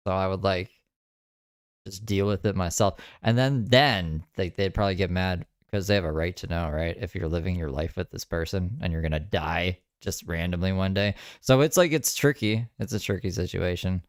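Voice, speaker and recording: A man's voice: sits low, moderate pace, dry recording, studio quality. A man hosting a podcast, rambling in crude, casual commentary with lots of filler words. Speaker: podcast host.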